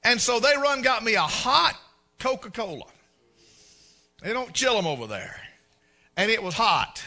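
A man's voice: extremely high pitch, a little slow, soft background music. A man preaching a sermon, telling folksy stories and acting out the scenes. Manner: folksy, animated storyteller who acts out scenes. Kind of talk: storytelling sermon.

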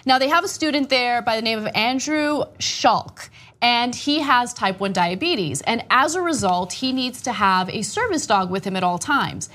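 A woman's voice: fairly high pitch, expressive, pushed and bright. A woman hosting a news talk show, chatting casually and gushing over a feel-good story. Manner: chatty, gushing, quick asides.

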